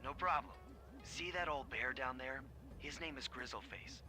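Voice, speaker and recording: A man voicing a cool-headed male raccoon master thief who calmly lays out mission plans with dry humor. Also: medium pitch, normal speed, lightly acted. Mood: wry. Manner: calm, wry, giving mission orders. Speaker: video game character. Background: game music.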